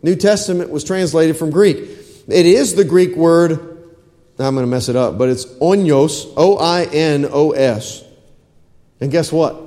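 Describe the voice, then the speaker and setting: A male pastor delivers a sermon in a fairly high voice. He keeps asking the congregation questions and repeats phrases for emphasis. The sound carries a long church reverb. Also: a little slow, mellow.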